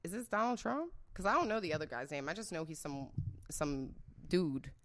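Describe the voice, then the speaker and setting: Woman guest, slightly low-pitched, loose and blunt, rambles and swears as she guesses. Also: big pitch swings, normal speed, a bit bright. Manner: blunt, rambling, swears freely, laughs often. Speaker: guest guessing celebrity scandals. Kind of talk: casual unscripted chat.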